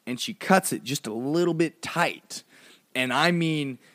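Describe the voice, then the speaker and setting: This podcast host is a man casually telling a funny childhood story, peppered with "like" and playful asides. He's animated, swinging from low mumbles to high exclamations, and speaks a little slowly on a dry recording.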